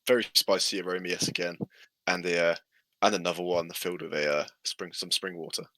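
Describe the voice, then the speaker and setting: A man's voice: low voice, little pitch movement, fairly quick, pushed and bright, dry recording, rough recording. Hesitant male game master. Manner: hesitant, filler-heavy narration. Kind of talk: narrating a tabletop game.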